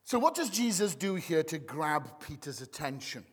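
A man preaches to his congregation in a warm, conversational sermon style, swinging widely up and down in pitch. His voice sits high and bright, and it carries a long reverb tail from the church hall. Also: very animated, normal speed, slightly rough. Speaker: pastor.

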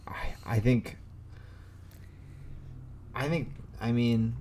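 A man co-hosts a casual podcast in a mid-range voice. He drops in dry, quick jokes and short reactions. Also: mid-range voice, steady tone, mellow, a little hiss or hum. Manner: wry, quick jokes and interjections. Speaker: co-host.

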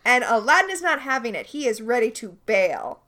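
A woman with a fairly high voice that jumps around a lot in pitch, talking in a relaxed podcast chat. She is quick and chatty, tossing in playful asides as she recaps a TV episode with her co-host.

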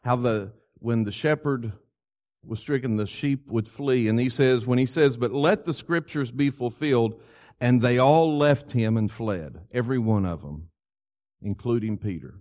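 A man's voice: mid-range voice, unhurried, warm tone. A male preacher delivering a sermon, retelling scripture in a conversational, storytelling way.

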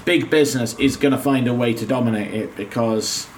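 A man chatting casually about a TV series, joking and sarcastic in an animated way. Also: medium pitch, a little fast, slight background noise. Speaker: co-host reviewing a TV series. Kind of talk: casual chat.

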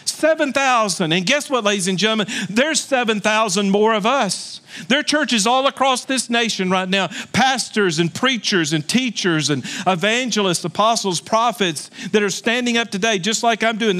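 Pastor, man, fairly high voice, delivers a sermon with emphatic rhetorical questions. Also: normal speed, few pauses, sharp tone. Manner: reads scripture aloud, breaks off to exhort the congregation.

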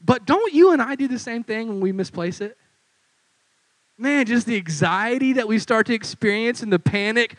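A young man who is a youth pastor, preaching with lively storytelling and acting out quotes. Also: very high voice, moderate pace, no room sound, poor audio. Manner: animated storyteller, acts out quotes. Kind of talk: sermon with storytelling.

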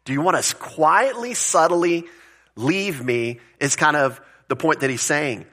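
Guy preaching a sermon, bright clear voice, easygoing, keeps asking the room questions. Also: a little high, measured pace. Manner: conversational, explaining word meanings with rhetorical questions. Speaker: pastor.

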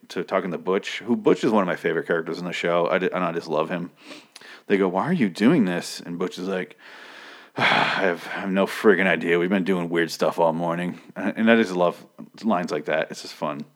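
Deep-voiced man rambling through a recap. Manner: rambling and profane, with joking asides. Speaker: TV episode recapper. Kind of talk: casual episode recap.

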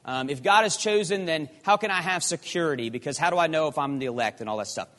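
A man preaching a sermon, emphatic and animated, firing off rhetorical questions. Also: fairly high pitch, fast. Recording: long hall reverb.

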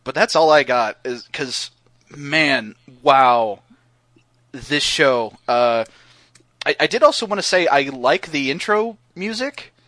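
A man's voice: mid-range voice, lively intonation, slow, pushed and bright, dry recording. A man chatting casually on a podcast, rambling with lots of fillers and restarts. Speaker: podcast guest co-host.

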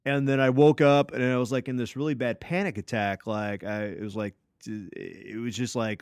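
Smooth-voiced man telling a story. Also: medium pitch, steady tone, normal speed, hardly any pauses, a little mellow, dry recording, studio quality. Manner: loose and profane, full of fillers and restarts. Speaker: podcast co-host. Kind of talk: casual storytelling.

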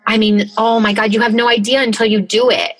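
A woman's voice: a little high, flat delivery, brisk, fairly bright tone, rough recording. A woman co-hosting a podcast, talking in a candid, emotional way, full of filler words and swearing freely, recorded from a closet. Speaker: podcast co-host. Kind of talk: casual conversation.

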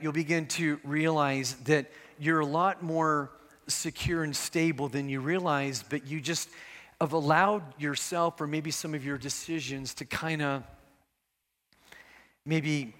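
A man's voice: fairly high pitch, a bit bright. A middle-aged man preaching a sermon as pastor, earnest and conversational, with casual asides. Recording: echoey hall with long reverb.

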